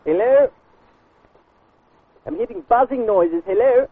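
A goofy male prank caller with a squeaky, breathy voice that swoops up and down, as a man puts it on. It comes through a tinny phone line. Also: expressive, takes it slowly, dry recording, heavily acted. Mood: teasing. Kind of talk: prank call in a put-on high voice.

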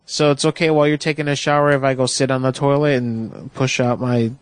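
A man hosting a prank call show, asking crude questions in a deadpan, mock-confused way. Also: medium pitch, fairly quick, clean tone, no echo. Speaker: host.

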